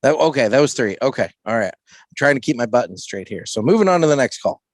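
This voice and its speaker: A man's voice: mid-range voice, lively intonation, quick pace, dry recording, clean studio sound. A man co-hosting a casual podcast chat, easygoing and a bit scattered.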